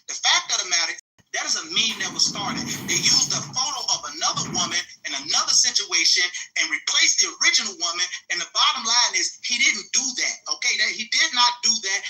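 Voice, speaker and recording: A man in a heated live audio-room debate, arguing forcefully and swearing often. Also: sits high, expressive, fairly quick, a little hiss or hum, rough recording. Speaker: debate participant.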